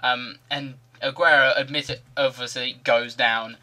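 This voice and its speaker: Bright, rambling man. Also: medium pitch, steady tone, a little slow. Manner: rambling, chatty, jokey. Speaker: gaming commentator. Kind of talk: casual video game commentary.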